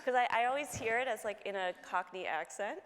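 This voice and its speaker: Moderator, female, mid-pitched, chatty questioner; reverberant hall sound. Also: animated, brisk. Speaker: panel moderator. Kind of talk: panel discussion questions. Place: conference hall. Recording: hall reverb from a conference stage.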